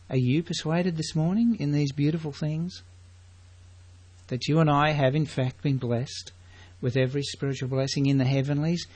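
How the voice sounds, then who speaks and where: A man's voice: on the high side, fairly even intonation, moderate pace, a little mellow. A man preaching a sermon, emphatic and full of rhetorical questions to his congregation.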